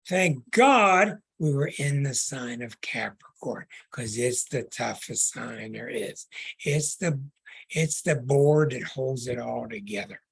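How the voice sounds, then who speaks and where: Slow, husky-voiced astrologer man. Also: medium pitch, a bit bright. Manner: earnest, preaching, stretches words for emphasis. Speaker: astrologer and show host. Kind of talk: podcast monologue.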